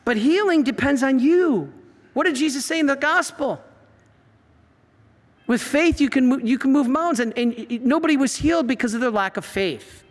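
A man, a priest giving an animated talk full of stories and acted-out quotes. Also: extremely high pitch, normal speed. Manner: animated storyteller, acts out quotes. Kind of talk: preaching talk. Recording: reverberant hall.

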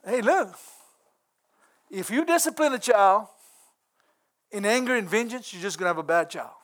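A man with a high voice preaches in a folksy, earnest way. He is middle-aged and breaks into chuckles as he talks. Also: expressive, moderate pace, a bit bright. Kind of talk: sermon.

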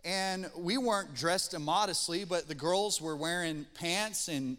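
A man preaching a sermon, telling a story in a folksy, animated way. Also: on the high side, measured pace, big-room sound. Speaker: pastor.

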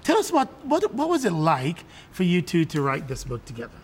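Affirming male podcast host, higher voice. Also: wildly swooping pitch, fairly quick, slight background noise. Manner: affirming, frequent mm-hmms and praise. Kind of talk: interview hosting.

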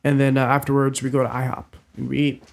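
A man's voice: mid-range voice, completely flat delivery, quick pace, gravelly, slight background noise. A man telling a rambling, swear-laced story in a casual chat with friends, full of restarts. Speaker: storyteller on a group podcast. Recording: roomy echo.

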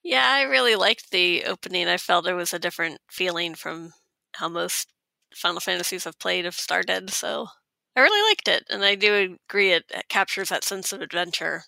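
A woman in a casual podcast chat who laughs easily and chimes in quickly. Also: on the low side, vocal fry, bright, forceful tone, no echo.

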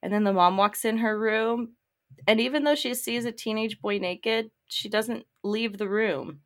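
A woman co-hosting a casual podcast, retelling movie scenes and acting out the characters' lines in quick quoted bits. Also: on the high side. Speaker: podcast co-host. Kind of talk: casual chat.

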